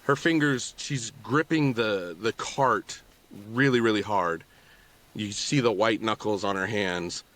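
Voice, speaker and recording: Brief: male game master, unhurried, expressive narration. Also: fairly low pitch. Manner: slow, halting storytelling.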